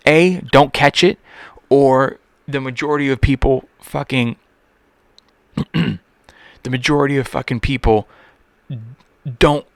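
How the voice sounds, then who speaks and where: A man's voice: medium pitch, no room sound. A man hosting a solo comedy podcast, ranting in an exasperated, profane way with lots of restarts and filler words.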